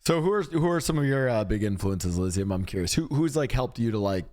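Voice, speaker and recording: A man's voice: medium pitch, expressive, fairly quick, darkish tone, no echo, studio quality. A man in casual podcast chat, laid-back and calling people "bro". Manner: casual, says "bro" a lot.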